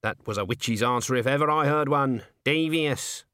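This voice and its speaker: A man's voice: mid-range voice, normal speed, pushed and bright, clear, resonant tone, no room sound, studio quality, close to an everyday voice. A man voicing a stern, blunt old witch woman who asks probing questions.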